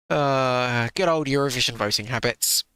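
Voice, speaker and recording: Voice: mid-range voice, fairly bright tone, smooth, no room sound. A streamer giving sarcastic live reaction commentary into a close desk mic, swearing freely.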